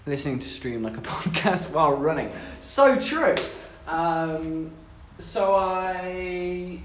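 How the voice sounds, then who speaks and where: A man's voice: a little high, fairly even intonation, takes it slowly, far from the mic, slight background noise. A young man from southern England chatting casually to his livestream chat, telling stories with giggles along the way. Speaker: streamer. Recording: echoey room, voice a bit off-mic.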